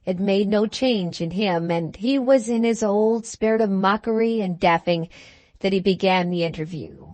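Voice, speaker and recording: A woman narrating an audiobook in a slow, deliberate reading. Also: medium pitch, lively intonation, darkish tone, no echo.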